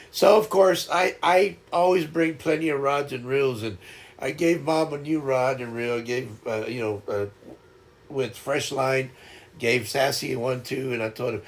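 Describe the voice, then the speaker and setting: A man's voice: mid-range voice, a little slow. A man hosting a live stream, telling a casual story and laughing often.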